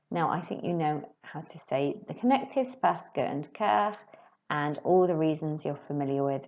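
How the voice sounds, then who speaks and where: A woman teaching a French lesson to pupils, slowly and clearly modelling phrases for them to repeat. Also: sits low, a little mellow, lo-fi sound. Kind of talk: recorded remote lesson.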